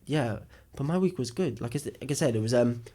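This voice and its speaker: Young male podcast host, casual rambling storyteller, mid pitch. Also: lively intonation, quick pace, dark tone. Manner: rambling storyteller, jokey, acts out dialogue. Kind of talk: casual chat.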